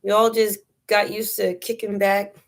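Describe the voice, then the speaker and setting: A woman's voice: medium pitch, little pitch movement. A young woman with a New York accent chatting casually on a phone livestream, laughing often and dropping slang. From New York City. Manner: unhurried, drawn-out talk with frequent laughter and slang. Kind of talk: casual live stream chat.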